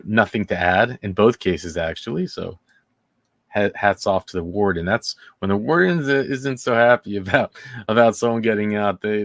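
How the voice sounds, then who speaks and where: A man with a lowish voice talks through a case as a commentary host. He sounds indignant and sarcastic, and he stumbles and restarts his sentences often. The sound is dry and close, with no room around it. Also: dry recording. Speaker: true-crime commentary host. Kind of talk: casual commentary.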